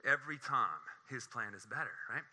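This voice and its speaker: A man delivers a lively sermon with a very bright, keen edge to his voice. He is animated and joking, and his voice jumps high when he gets excited. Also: moderate pace. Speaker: preacher.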